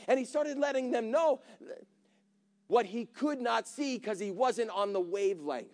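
High-voiced animated male preacher. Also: normal speed. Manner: animated, acts out characters, calls to congregation. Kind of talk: sermon storytelling.

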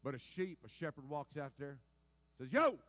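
Pastor preaching with loud bursts. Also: male voice, mid-range voice, moderate pace, no room sound, low-quality recording. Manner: dramatic storytelling with sudden loud outbursts and quiet drops. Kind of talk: sermon.

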